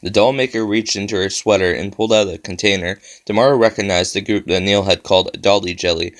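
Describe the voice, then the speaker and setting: Guy reading a spooky kids story out loud, lowish voice, steady. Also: fast talker, few pauses. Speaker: narrator. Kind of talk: reading a horror story aloud.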